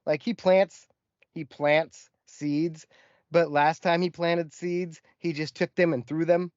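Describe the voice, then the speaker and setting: Guy telling a story on a podcast, kinda high voice, dry dull mic, acts out all the quotes. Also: fairly even intonation, slow, a little mellow, no echo. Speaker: podcast co-host. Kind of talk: casual storytelling chat.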